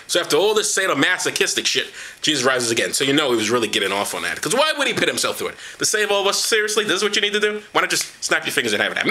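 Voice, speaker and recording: A man's voice: a little high, sing-song, a little fast, pushed and bright. A man reading the Bible aloud as comedy, with profane, mocking commentary and put-on voices for the quoted lines, gesturing as he goes. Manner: gesturing while reading, knocks things over.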